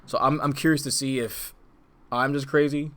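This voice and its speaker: A man's voice: mid-range voice, fairly even intonation, normal speed, a bit bright, slight background noise. A young man co-hosting a casual podcast, rambling with lots of fillers, restarts and laughs. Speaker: podcast co-host. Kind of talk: casual chat.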